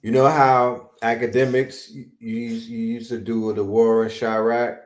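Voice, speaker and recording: A man's voice: mid-range voice, flat delivery, a little slow, reverberant. A man co-hosting a livestream, talking in a rambling, slangy, emphatic way. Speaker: guest co-host. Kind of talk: casual chat.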